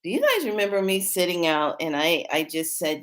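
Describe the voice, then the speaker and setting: A woman hosting her own spiritual channel, telling a story in a casual, rambling way with many restarts and bursts of excitement. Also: medium pitch, quick pace, few pauses. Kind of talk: casual spiritual vlog talk.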